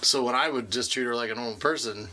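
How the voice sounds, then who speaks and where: A man's voice: medium pitch, fast, pushed and bright, slight background noise. A man co-hosting a casual podcast, telling anecdotes and laughing often. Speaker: podcast co-host. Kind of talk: casual chat.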